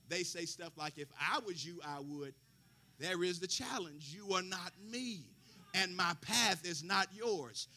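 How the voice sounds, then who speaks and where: A man's voice: on the high side, sharp tone. A man preaching a sermon, quoting scripture with folksy asides and rising fervor. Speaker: pastor.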